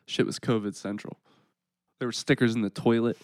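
Dry-witted podcast co-host, close mic. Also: male voice, mid-range voice, steady tone, no room sound. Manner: quick dry quips, jokey. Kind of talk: casual podcast chat.

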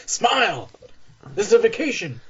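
A woman doing a high, pushy mock-cheerful voice of a resort staffer who insists everyone have fun. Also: sing-song, normal speed, a crowd in the background, close to an everyday voice. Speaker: co-host. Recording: dull lo-fi sound, a bit distant.

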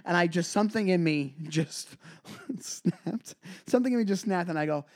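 A man, co-hosting a podcast and telling a story in casual chat, acting out other people in high voices. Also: animated, moderate pace, a little mellow. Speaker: podcast co-host, comedian.

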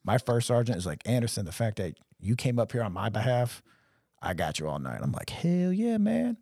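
Animated storyteller man with husky voice. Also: on the low side, a little fast, no echo, clean studio sound. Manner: animated, acts out quotes in different voices. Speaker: podcast co-host. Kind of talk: casual storytelling chat.

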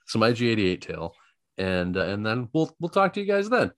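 A man's voice: fairly low pitch, sing-song, brisk, a bit bright. A man co-hosting a podcast in casual, joking chat, often laughing. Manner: laughs often, playful, loose. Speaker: podcast co-host.

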